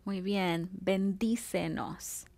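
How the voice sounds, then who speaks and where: A woman teaching a recorded Spanish lesson, pronouncing words slowly and patiently and walking through them syllable by syllable. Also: mid-range voice, steady tone, vocal fry, a little mellow, no room sound. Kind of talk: recorded classroom video lesson.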